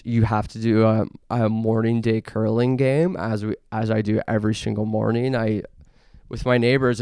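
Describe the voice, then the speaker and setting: A young man from Canada hosting a podcast, rambling through absurd tall tales in a deadpan way, full of fillers. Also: on the low side, creaky, smooth, no echo, clean studio sound. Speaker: podcast host. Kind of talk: deadpan comedic monologue.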